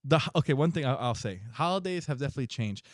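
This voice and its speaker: A young man co-hosts a podcast, talking fast in a mid-range voice with lively intonation. The chat is casual, rambling and slangy, full of restarts and laughter. The studio-quality recording has no room sound.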